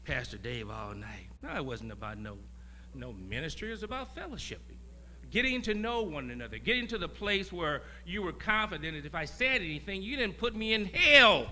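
A man preaching as a guest pastor, talking in a conversational way, laughing and swinging from quiet asides to loud emphasis. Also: fairly high pitch, animated, fairly quick, slight background noise. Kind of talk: sermon.

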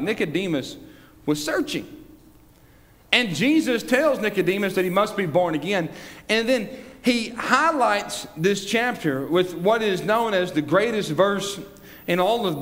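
Man, pastor, high voice, lively sermon delivery, long church reverb. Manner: preaching with rising emphasis and scripture quotes. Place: church sanctuary.

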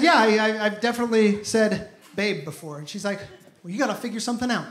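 A man's voice: high-pitched, fast talker. A young man performing a stand-up comedy set, telling stories and acting out the dialogue. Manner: animated storytelling, acts out dialogue. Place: comedy club stage with live audience. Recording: echoey club room, audible ambience.

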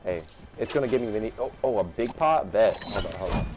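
A man's voice: on the low side, fairly quick. Young guy hyped up commentating his game, lots of slang and trash talk, game noise going behind him. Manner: slangy, excitable, trash-talking. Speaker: gaming YouTuber. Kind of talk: casual gameplay commentary. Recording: noisy game audio behind. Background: game sounds.

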